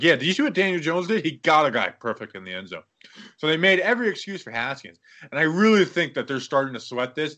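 A man with a bright, forward voice talks football in a loose, casual way. He reads through stats, then gets worked up and rants, packing his talk with "like" and "you know." He sounds like the host of a sports podcast. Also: mid-range voice. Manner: animated, ranting with many fillers.

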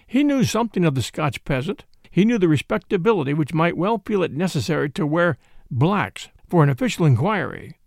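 Gravelly, expressive male storyteller. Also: on the high side, brisk, no echo, studio quality. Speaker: narrator. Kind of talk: scripted audiobook narration.

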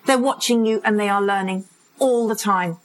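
Woman in her 50s, parenting expert, chatty and animated, does little voices for quotes. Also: medium pitch, normal speed, slight background noise, low-quality recording. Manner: animated storytelling with acted-out quotes and laughs. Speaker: parenting and addiction expert guest. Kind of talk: live conversational interview. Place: conference stage.

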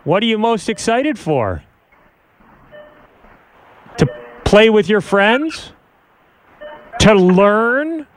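A man's voice: high voice, very animated, drawn-out words, long pauses, slight background noise. A man in his thirties hosting a casual podcast as a father, tender and often laughing, a little choked up.

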